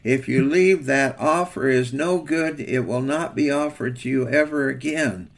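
A man's voice: medium pitch, unhurried, vocal fry. An older man, a pastor, giving a folksy devotional sermon in a rambling, homespun storytelling manner.

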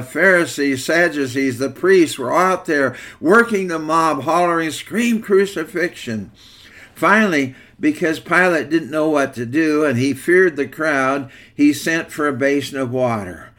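Man, preacher, sermon, earnest, somewhat high-pitched, reads scripture aloud. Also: fairly bright tone.

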